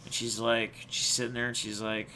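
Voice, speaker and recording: Bright-voiced man telling a rambling story. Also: mid-range voice, completely flat delivery, brisk, a little hiss or hum. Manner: rambling and reflective, many restarts. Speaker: channel host. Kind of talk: casual personal storytelling to viewers.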